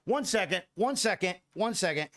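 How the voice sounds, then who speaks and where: A man's voice: high-pitched, lively intonation, normal speed, a bit bright. A young man streaming a video game, swearing freely and talking back to his chat with exasperation. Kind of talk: casual gameplay commentary.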